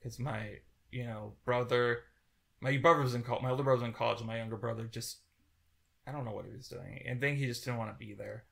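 A young man in his twenties co-hosting a podcast, rambling in a halting way with many restarts and getting teary as he talks. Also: mid-range voice, fairly even intonation, creaky, fairly bright tone. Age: 20s. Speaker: podcast co-host. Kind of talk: casual podcast chat.

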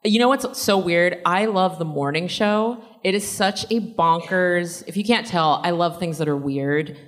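A woman's voice: lowish voice, measured pace. A woman answering fan questions at a convention panel in a casual, rambling way, laughing often. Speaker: panel guest actor.

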